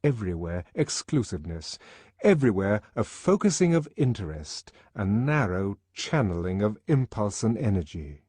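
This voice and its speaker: A man narrating an audiobook with an expressive, varied delivery. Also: on the low side, moderate pace, breathy edge, no echo. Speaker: audiobook reader.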